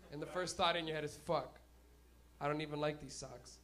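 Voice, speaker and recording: Loud, laughing, profane male comic. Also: on the high side, steady tone, quick pace. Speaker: comedy host. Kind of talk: stand-up comedy. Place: small smoky comedy venue.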